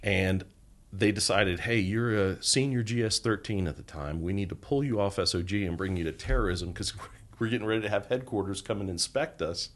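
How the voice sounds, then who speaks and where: As a guest on a podcast, a middle-aged ex-federal agent spins a long tale, animatedly voicing the quoted dialogue of its characters. His voice is lowish and fairly quick.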